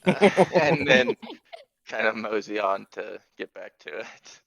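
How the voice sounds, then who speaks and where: A man's voice: fairly low pitch, animated, takes it slowly, creaky, a crowd in the background. A man playing a tabletop game, laid-back and joking as he describes his character's actions. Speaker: player. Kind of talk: tabletop role-play chat. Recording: dry, dull lo-fi mic.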